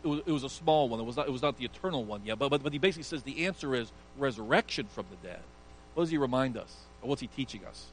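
A man's voice: mid-range voice, a little hiss or hum, rough recording. A male pastor preaching an earnest sermon, emphatic and sometimes stumbling over restarts.

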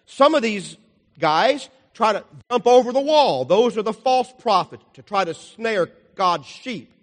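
A man's voice: high voice, very animated, a little slow. Older man preaching in an echoing hall. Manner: folksy and rambling, with jokes and asides. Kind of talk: sermon with slide illustrations. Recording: long hall reverb.

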